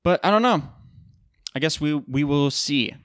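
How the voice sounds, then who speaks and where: A man's voice: on the high side, animated, a little slow, fairly bright tone, no room sound, clean studio sound. Tired, rambling podcast host, a man. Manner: rambling, loose, with casual swearing. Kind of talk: casual solo podcast chat.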